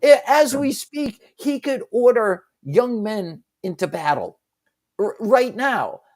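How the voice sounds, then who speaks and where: Lively middle-aged man on talk radio. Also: very high-pitched, slow. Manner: animated, bursts into shouted movie quotes. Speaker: radio sports talk co-host. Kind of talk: casual talk radio banter.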